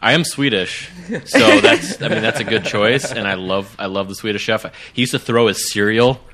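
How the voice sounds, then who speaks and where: A young man chatting as a podcast guest, rambling and excitable with lots of fillers. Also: fairly low pitch, moderate pace, a crowd in the background. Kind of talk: casual chat.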